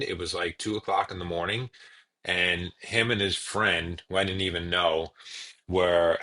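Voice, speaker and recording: Sex: man. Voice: low, bright. Style: earnest podcast storytelling. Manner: earnest, halting, with restarts. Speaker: guest telling his story. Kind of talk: personal storytelling in a podcast interview.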